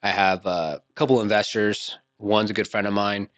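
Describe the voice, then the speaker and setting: A man's voice: lowish voice, flat delivery, moderate pace, no echo. A man hosting a podcast, telling a long, loose story in casual chat with lots of swearing and slang. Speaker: podcast host.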